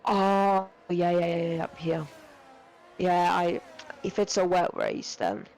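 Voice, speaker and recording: A man's voice: sits high, fairly even intonation, slow, darkish tone, a little hiss or hum, poor audio. A young man giving live sim racing commentary, rambling with lots of fillers and self-corrections. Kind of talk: live esports race commentary.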